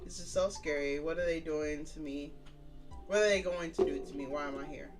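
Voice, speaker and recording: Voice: mid-range voice, fairly quick, recorded from a distance, over music. A streamer reading a story game aloud, breaking off into casual, profane, joking reactions. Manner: casual, profane, joking asides between read lines. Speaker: gaming streamer.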